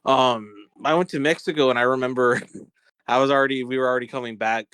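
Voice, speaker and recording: A man's voice: mid-range voice, fairly even intonation, fast, fairly bright tone, clear, resonant tone, no echo. A man co-hosting a comedy podcast, telling loose, rambling anecdotes. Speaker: podcast co-host. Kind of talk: casual comedy chat.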